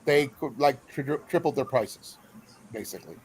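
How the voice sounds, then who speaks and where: Man host, rambling and friendly, mid-pitched, faint background hiss. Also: animated, moderate pace, darkish tone, poor audio. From Iowa. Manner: rambling, friendly, full of fillers. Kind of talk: casual live-stream chat.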